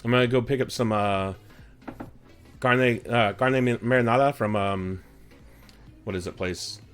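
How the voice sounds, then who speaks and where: Clean in tone, a bit bright and medium-pitched, this man talks a little slowly in a Texan accent. He hosts a live stream with background music, chatting and joking in a rambling way and calling viewers by name.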